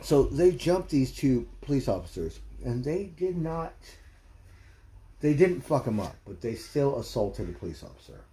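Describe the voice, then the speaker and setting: Profane, ranting man with a mellow voice. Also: medium pitch, big pitch swings, normal speed. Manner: profane, blunt, heated. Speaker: livestream host. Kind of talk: casual ranting commentary. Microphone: streaming mic.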